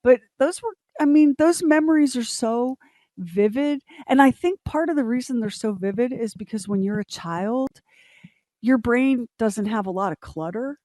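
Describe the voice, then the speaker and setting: A woman's voice: a little high, normal speed, no room sound, studio quality. A middle-aged woman from Philadelphia, a radio co-host telling vivid stories in casual chat. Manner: vivid, animated storyteller.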